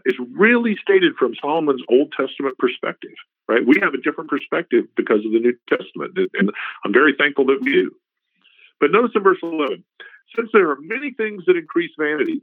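A man's voice: mid-range voice, no echo. A middle-aged man teaching a Bible passage in a casual, conversational way. He often repeats "you know" and restarts his phrases. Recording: tinny phone-like radio recording, dry.

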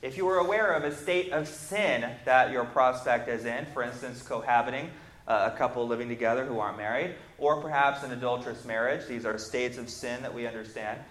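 A man preaching a Bible lesson, reading scripture aloud and then explaining it, building emphatic lists and pausing on fillers as he thinks. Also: mid-range voice, a bit bright. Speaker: preacher teaching on repentance. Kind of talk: Bible class sermon. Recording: echoey room.

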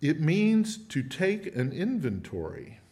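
A man's voice: on the high side, huge pitch swings, slow pace, mellow. A man teaching a Bible study in a conversational way, often putting questions to his listeners. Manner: asks the group many questions.

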